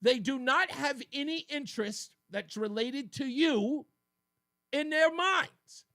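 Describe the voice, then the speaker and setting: A man hosting a political talk radio show, talking in an animated, mocking way and laughing often. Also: very high voice, takes it slowly. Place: radio studio.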